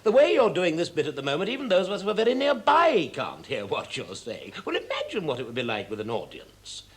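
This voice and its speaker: A man's voice: fairly high pitch, huge pitch swings, brisk. An actor playing a bossy, impatient man who runs a theatre rehearsal, speaking in a commanding, brusque way. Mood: lecturing. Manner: commanding, brusque, mocking laughs. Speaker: theatre manager running a rehearsal.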